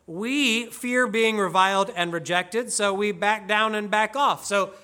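Man, pastor, sermon, high voice, bright tone, earnest and measured. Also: smooth. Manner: earnest, measured preaching with slow emphatic readings. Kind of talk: sermon and call to worship.

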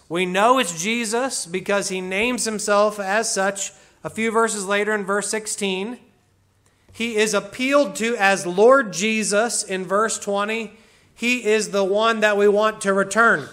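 A man's voice: sits high, sharp tone. A man preaching a sermon, explaining verses with emphasis and casual asides. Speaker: pastor.

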